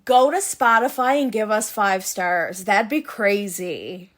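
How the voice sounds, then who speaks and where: A woman's voice: mid-range voice, lively intonation, slow, fairly bright tone. A woman from Canada in her thirties, co-hosting a podcast in casual, giggly, self-mocking chat. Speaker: podcast co-host.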